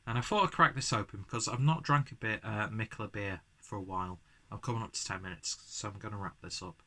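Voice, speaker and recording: A man's voice: fairly low pitch, quick pace, sharp tone. A man reviewing a beer at home in a casual vlog, rambling and self-deprecating, slightly buzzed from drinking. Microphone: camera mic, framed from chest up.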